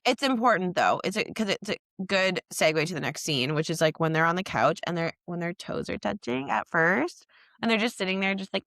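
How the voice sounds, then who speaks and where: A woman's voice: fairly low pitch, animated, a little fast, a bit bright, no room sound, clean studio sound. A woman co-hosting a podcast, chatting casually and jokingly about a TV episode, often laughing. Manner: giggly, jokey, quotes characters in put-on voices. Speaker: podcast co-host. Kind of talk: casual recap chat.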